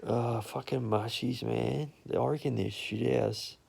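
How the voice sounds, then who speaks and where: Gravelly Australian guy telling wild stories. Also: mid-range voice, fairly even intonation, a little slow, a little mellow. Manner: rambling, profane, blunt. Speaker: storyteller. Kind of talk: casual anecdotal storytelling.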